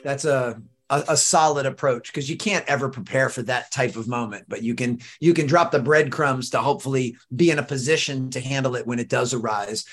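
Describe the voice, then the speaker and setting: A man interviewing a guest, asking long, measured questions after setting them up. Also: mid-range voice, a bit bright, soft background music. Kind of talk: interview conversation.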